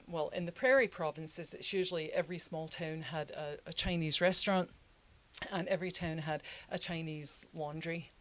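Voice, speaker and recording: A woman co-hosting a history podcast, talking casually with laughing asides and many fillers. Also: on the low side. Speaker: podcast co-host.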